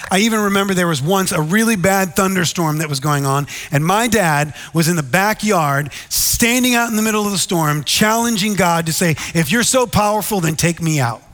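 A man's voice: fairly high pitch, fairly bright tone, long reverb tail. A man preaching a sermon in an earnest, conversational way, often turning to the listeners with "right?". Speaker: pastor.

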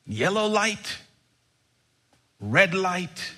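Animated preacher man, lively pitch. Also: very slow. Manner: animated, emphatic preaching with sudden bursts of excitement. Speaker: pastor. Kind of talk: sermon.

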